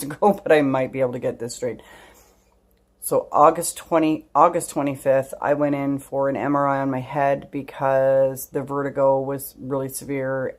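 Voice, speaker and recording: A woman's voice: extremely low pitch, darkish tone. Woman chatting to camera at home, rambly storytime, lots of ums and side notes. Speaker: vlogger. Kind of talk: casual storytelling vlog.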